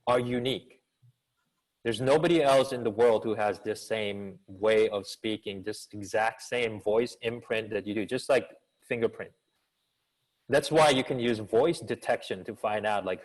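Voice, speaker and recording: A man, a business school professor and communication coach, answering questions in an online seminar over a video call. He has an actor's expressive delivery, with an energetic coaching tone and many rhetorical questions. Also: medium pitch, low-quality recording.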